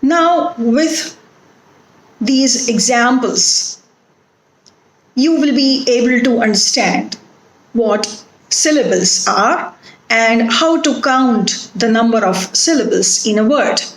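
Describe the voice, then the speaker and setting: Slow-speaking Indian English woman lecturer. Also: fairly high pitch, echoey room, poor audio. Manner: slow, deliberate, repeats words to model stress. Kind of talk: recorded phonetics lecture.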